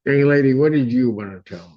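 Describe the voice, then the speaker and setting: A male judge questioning people in court, slow and firm, often cutting in. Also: medium pitch. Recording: dull courtroom audio.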